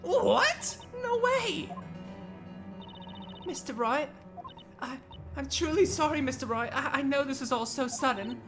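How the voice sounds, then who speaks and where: A timid young woman facing trial, voiced by a woman, pleading with soft stammers. Her pitch rises and falls widely. Game music plays underneath. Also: expressive, a little slow, long pauses.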